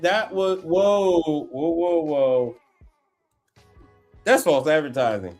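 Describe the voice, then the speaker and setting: A man hosting a casual livestream, talking in an animated, slangy way, exclaiming and repeating himself as he reacts. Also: fairly high pitch, slow, faint music behind. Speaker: appliance repair tech livestream host. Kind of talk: casual livestream chat while browsing online.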